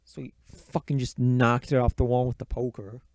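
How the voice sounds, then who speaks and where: A man's voice: medium pitch, level tone, moderate pace, darkish tone, dry recording. A man casually recapping a movie plot in a rambling, profane, offhand way. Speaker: movie reviewer.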